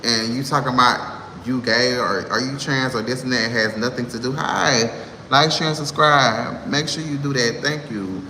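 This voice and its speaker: A man's voice: mid-range voice, moderate pace, pushed and bright. A man in his thirties delivering a sassy, exasperated monologue to camera, ranting with laughs. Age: 30s. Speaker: vlogger. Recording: echoey room with long reverb, faint noise.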